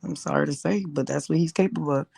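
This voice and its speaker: A woman's voice: low voice, fast, creaky, a little mellow, breathy edge, dry recording. A woman guest on a livestream with a Southern US accent, speaking bluntly and emphatically in support of the host. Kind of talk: casual supportive chat.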